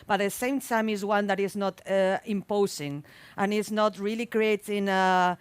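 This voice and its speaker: A woman architect and researcher speaking on a public panel in a thoughtful, halting way, often repeating words. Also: medium pitch, clear, resonant tone, no echo. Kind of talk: panel discussion. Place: public talk event.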